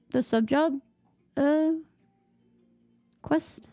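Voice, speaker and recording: A young woman chats casually while she plays, her thoughts wandering and her sentences full of "like." Her voice sits fairly high with a soft, mellow tone. The sound is dry and close, like a desk mic. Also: moderate pace, dry recording. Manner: rambling, distracted, filler-heavy with "like". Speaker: gaming streamer. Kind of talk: casual gameplay chat.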